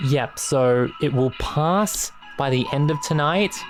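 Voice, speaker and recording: A man with an unhurried, drawn-out delivery, commenting on a game and swearing casually. He thinks out loud as he plays. Game music plays clearly behind him. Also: on the high side. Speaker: streamer playing a game. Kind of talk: casual let's-play commentary.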